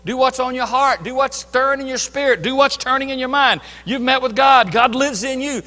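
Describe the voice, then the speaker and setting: A man preaching a sermon as pastor, emphatic, swinging between loud declarations and hushed asides. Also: very high voice, brisk, big-room sound. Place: church sanctuary.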